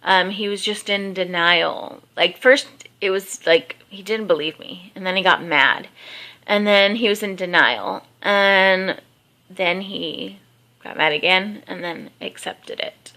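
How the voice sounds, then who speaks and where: Woman, casual home vlog, rambling, filler words, just woke up, bright tone. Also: medium pitch, slow pace. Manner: rambling storytelling with many fillers. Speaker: vlogger. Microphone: handheld camera.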